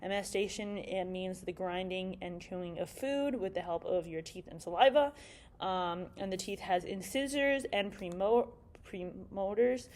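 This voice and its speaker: A young woman talks through an anatomy lesson like a student presenter, pausing often and restarting her words. Her voice sits in an ordinary middle pitch for a woman, and the talk has the loose, unscripted flow of a class presentation. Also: darkish tone. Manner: halting, many fillers and restarts.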